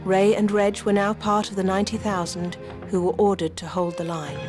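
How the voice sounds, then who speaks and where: A woman reading scripted documentary narration in a measured, even way. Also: medium pitch, over music.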